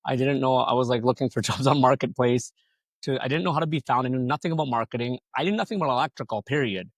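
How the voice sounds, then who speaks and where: A man's voice: medium pitch, fast talker, dry recording. A man telling his business story as a podcast guest, rambling casually, swearing freely and acting out other people's lines. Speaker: podcast guest, solar company founder.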